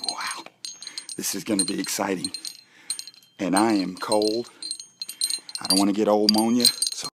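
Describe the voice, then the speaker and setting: A man's voice: fairly low pitch, steady tone, normal speed, long pauses, very noisy. A middle-aged man from a school, joking playfully and talking straight to children as he promotes a fun run outdoors on chilly school grounds. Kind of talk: joking promotional video for kids.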